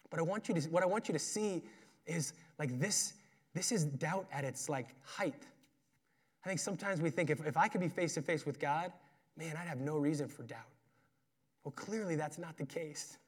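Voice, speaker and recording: A man preaching a sermon in a conversational, earnest way, moving between emphatic and quiet passages. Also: a little high. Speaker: pastor.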